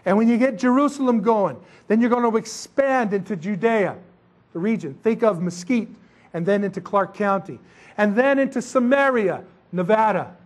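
A male pastor preaching a sermon in a casual, animated way, full of asides and humor. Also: sits high, normal speed.

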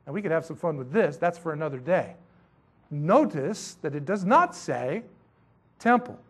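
A man teaching a Bible chapter in a casual, conversational sermon, with animated, slangy asides. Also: high voice.

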